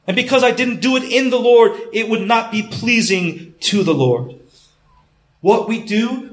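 A man preaching a sermon, earnest and questioning, often repeating his words as he goes. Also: high-pitched. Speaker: pastor. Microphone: camera. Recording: roomy echo.

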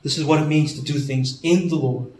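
A man's voice: a little high, steady tone, brisk, a little mellow. A man preaching a sermon, earnest and questioning, often repeating his words as he goes. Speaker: pastor. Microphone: camera. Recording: roomy echo.

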